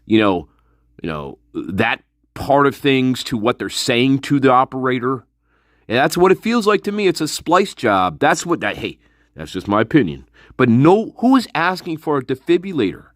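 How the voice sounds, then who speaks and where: A man ranting on a livestream, firing off profane rhetorical questions with a lively, swooping pitch. His voice is recorded close and dry, with no room sound around it. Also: dry recording. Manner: greets chat viewers by name. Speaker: livestream host. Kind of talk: casual livestream rant.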